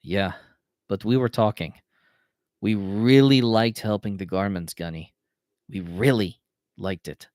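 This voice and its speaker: A sincere, fired-up young Marine, as a man reads him aloud. The voice is fairly low and the sound is dry and close. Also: a little slow, a little mellow, no room sound, close to an everyday voice. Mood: earnest.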